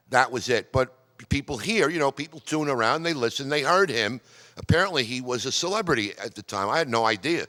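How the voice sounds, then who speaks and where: A chatty, digressive middle-aged man from New York telling radio stories to a club audience. His voice is bright and forceful. It echoes with a long reverb, because he is speaking in a meeting hall. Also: a little high, animated, moderate pace. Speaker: amateur radio presenter. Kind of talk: casual storytelling talk.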